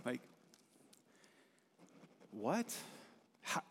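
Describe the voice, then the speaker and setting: Doubting old priest, exasperated, "are you kidding me" vibe, pastor putting him on, hall echo. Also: male voice, extremely slow, a bit bright. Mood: incredulous. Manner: incredulous, exasperated. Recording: long hall reverb.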